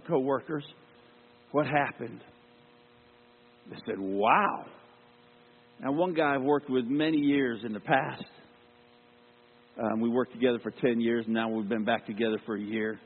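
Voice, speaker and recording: Husky man telling a sermon story. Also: on the high side. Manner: earnest storyteller, acts out quoted dialogue. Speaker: lay preacher. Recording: tinny phone-like sound with long hall reverb and mains hum.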